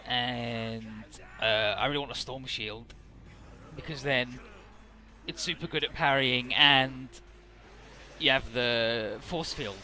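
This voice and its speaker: A man's voice: mid-range voice, takes it slowly, sharp tone. A man giving rambling, casual gameplay commentary, paraphrasing the characters and swearing freely. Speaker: let's play commentator.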